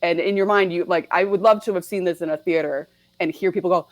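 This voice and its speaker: A young woman chats as a podcast guest in a fairly low voice, animated and quick to laugh. She keeps dropping into short put-on voices to act out lines. The sound is dry and close, with no room around it. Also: no room sound, low-quality recording. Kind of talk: casual chat about a film.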